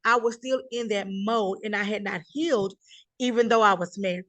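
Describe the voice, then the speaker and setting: A middle-aged woman telling her life story in an interview, emphatic and animated, acting out the voices of the people she quotes. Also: mid-range voice, moderate pace. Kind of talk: conversational interview.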